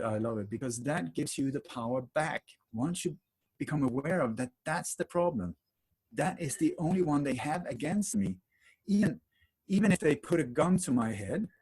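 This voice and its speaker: A man appears as a guest on a podcast, telling stories in a conversational interview. He rambles animatedly and repeats things for emphasis. His voice is mid-range with a breathy edge.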